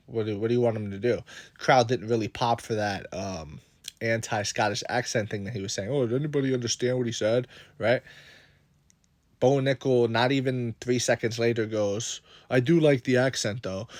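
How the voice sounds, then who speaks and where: A man's voice: on the low side, no room sound. A man giving his opinions on mixed martial arts as a vlogger, in a casual, conversational monologue full of rhetorical questions. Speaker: MMA commentary vlogger.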